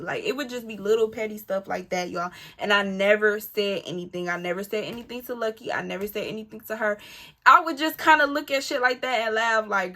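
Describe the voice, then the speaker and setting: Bright-voiced woman telling a story. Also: mid-range voice, normal speed. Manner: animated, emphatic, addresses listeners as y'all; candid and profane, talks back to her rival. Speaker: storytime vlogger. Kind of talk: casual storytelling to camera.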